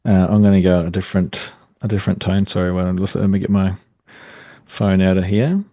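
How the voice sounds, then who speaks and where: A man's voice: deep voice, brisk, warm tone, dry recording. Teasing Australian man on a podcast. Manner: teasing, jokey, hesitant with fillers. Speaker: podcast co-host. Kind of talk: casual chat.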